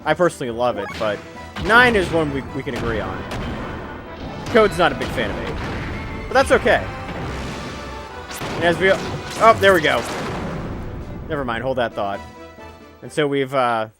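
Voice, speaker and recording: A man in the middle of casual video game commentary, chatty and joking as he plays, with his voice sitting at an everyday middle pitch. Now and then he bursts out loud and excited. Faint game music runs underneath him. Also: normal speed, long pauses. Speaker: let's play commentator.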